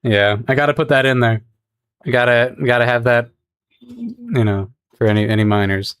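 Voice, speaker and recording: A man's voice: mid-range voice, expressive, normal speed, a bit bright, clear, resonant tone, no room sound. A man chatting casually with his viewers on a livestream while he draws, rambling and laughing often. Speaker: streamer.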